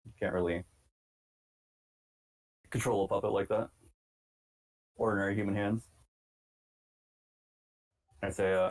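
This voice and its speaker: Hesitant low-voiced male player. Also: level tone, a little slow, pauses often, poor audio. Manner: hesitant, many fillers. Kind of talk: playing a character in a tabletop game.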